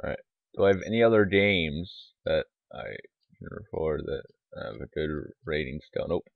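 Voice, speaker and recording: A man's voice: extremely low pitch, animated, normal speed, gravelly, no room sound. A man giving casual, rambling let's-play commentary, mumbling asides with lots of fillers, on a tinny, lo-fi mic. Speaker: gaming YouTuber. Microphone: desktop microphone.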